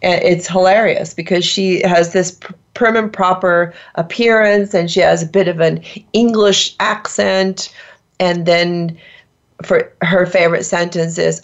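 A woman's voice: lowish voice, steady tone, unhurried, vocal fry, highs cut off. A woman hosting a podcast in casual chat, playful and emphatic, laughing often. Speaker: host.

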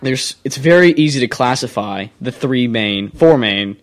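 A young man co-hosting a casual car chat show, opinionated and rambling, quick to argue his point. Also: medium pitch, lively intonation. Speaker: co-host.

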